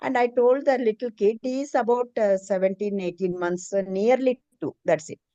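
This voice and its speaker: A woman's voice: medium pitch, normal speed, dark tone, no room sound, lo-fi sound. A middle-aged woman, earnestly telling a personal story on a video call in a hesitant, emotional way. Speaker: meeting participant, preschool teacher.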